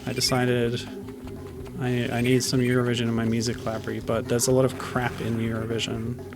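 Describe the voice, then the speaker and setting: A man's voice: medium pitch, monotone, a little fast. A man streaming a video game, chatting casually and rambling off on tangents as he plays. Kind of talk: casual gameplay commentary. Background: game music.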